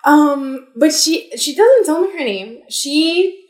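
In an echoey room, the young adult co-host recounts stories in loose conversation, often restarting and using filler words. Her voice is high and animated, yet she talks slowly.

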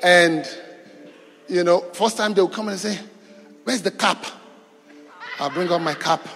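High-voiced preacher man in an echoey hall. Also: moderate pace, creaky. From East Africa. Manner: call-and-response preaching, shifting between loud and quiet. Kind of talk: sermon. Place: church hall. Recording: echoey church hall with music behind.

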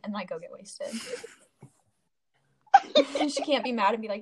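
A woman co-hosting a podcast, telling a story in an animated way and acting out quotes. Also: mid-range voice, moderate pace, pauses often, very noisy. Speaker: podcast co-host. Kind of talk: casual storytelling.

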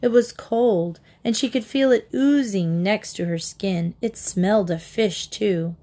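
A woman reads a children's chapter book aloud. Her voice sits at a middle pitch. She keeps a steady, gentle pace through the narration. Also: unhurried. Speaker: storybook reader.

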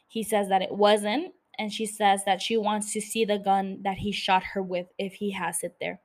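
A woman hosting a podcast, recapping a TV episode in a casual, blunt, gushing way and swearing freely. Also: medium pitch. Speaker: podcast host.

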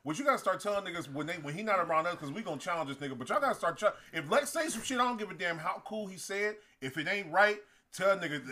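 A man's voice: sits high, expressive, fast talker, hardly any pauses, bright, forceful tone. A man in casual chat, teasing his friends and laughing often.

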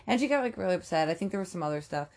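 A woman's voice: fairly low pitch, lively intonation, racing, a little mellow. A woman co-hosting a podcast, telling a rambling story in casual chat, swearing freely and filling with "like". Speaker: podcast co-host.

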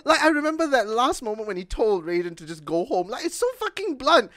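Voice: mid-range voice, very animated, a little fast, a bit bright, a little hiss or hum. A podcast co-host in casual chat, blunt and profane, laughing often.

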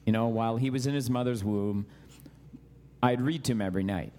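Animated storytelling man. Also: medium pitch, fairly quick, slight background noise. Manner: animated, storytelling, laughs often. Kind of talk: casual faith conversation.

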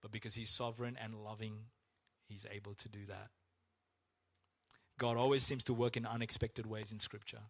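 A man's voice: normal speed, vocal fry. A man preaching a sermon as pastor, acting out complaints to God in a raised, strained voice. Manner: animated, acts out complaints to God in a high strained voice.

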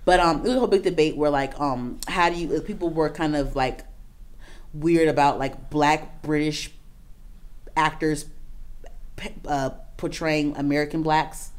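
A woman co-hosting a casual chat podcast, animated and swearing, firing off repeated disbelieving questions. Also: low-pitched, a little slow.

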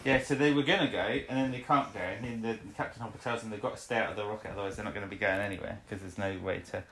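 A man's voice: lowish voice, fairly even intonation, very fast, a bit bright, slight background noise. Chatty man recapping, always chuckling. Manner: chuckles often, acts out characters' lines. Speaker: podcast co-host. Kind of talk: casual chat recapping an episode.

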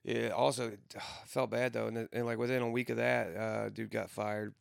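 Gravelly, smooth-voiced man in his thirties. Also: mid-range voice, little pitch movement, moderate pace, no room sound, studio quality. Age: 30s. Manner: loose, profane storytelling with frequent restarts. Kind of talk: rambling casual monologue.

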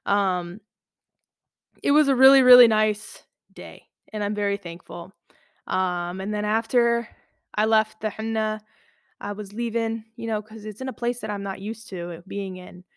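A woman's voice: medium pitch, measured pace, clean tone, dry recording, studio quality. A woman in her twenties telling a personal story as a podcast host, casual and rambling, full of "like" and "you know". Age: 20s. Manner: rambling, filler-heavy, lots of "like".

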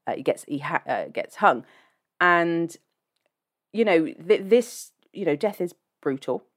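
A low-pitched woman hosts a laid-back film review podcast. She talks in a chatty, candid way and swears without a second thought. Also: animated, measured pace. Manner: chatty, blunt, swears freely. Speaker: podcast host.

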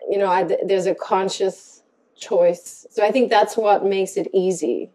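A woman co-hosting a podcast in casual chat, reflective and thinking aloud with pauses. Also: mid-range voice, fairly even intonation, dark tone. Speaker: podcast co-host.

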